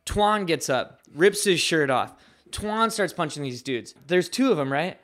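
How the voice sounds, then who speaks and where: A man with a somewhat high voice telling a wild story as a podcast guest. He talks loosely and profanely, packing his sentences with fillers. The delivery stays animated and casual throughout. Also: unhurried. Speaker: guest, professional skateboarder.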